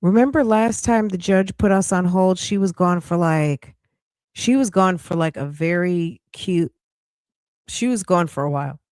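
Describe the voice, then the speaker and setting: A woman's voice: fairly low pitch, unhurried, darkish tone, dry recording, clean studio sound. A woman hosting a casual live commentary stream, chatty and incredulous, often laughing. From United States. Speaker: livestream commentary host.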